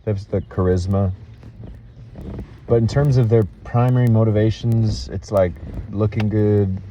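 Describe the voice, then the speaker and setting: A man telling an emotional personal story in a halting, earnest way, full of restarts and fillers. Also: fairly low pitch, fairly even intonation, mellow, dull audio, slight background noise.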